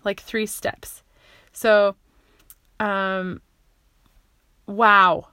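A woman talking casually in her own vlog, rambling and excitable, often breaking off mid-sentence and restarting. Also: medium pitch, slow pace, pauses often, no room sound, clean studio sound. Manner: rambling and excitable, many fillers, self-interrupting. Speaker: vlogger sharing what she learns. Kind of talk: casual self-recorded monologue.

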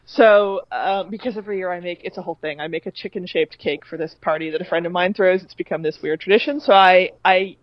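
A woman's voice: lowish voice, quick pace, hardly any pauses, no room sound, muffled recording. Enthusiastic woman chatting on a podcast. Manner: enthusiastic, laughs often. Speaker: podcast guest. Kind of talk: casual chat.

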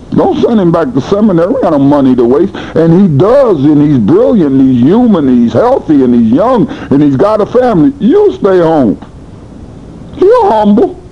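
A man preaching a sermon in a blunt, colloquial manner, swinging between high and low in animated bursts. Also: lo-fi sound. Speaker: pastor.

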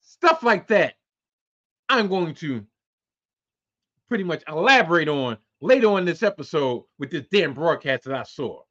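A man's voice: a little high, sing-song, a little slow, long pauses, sharp tone. A man in his forties hosting a solo podcast, ranting with a lot of profanity. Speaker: podcast host. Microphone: close to webcam. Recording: dull lo-fi sound.

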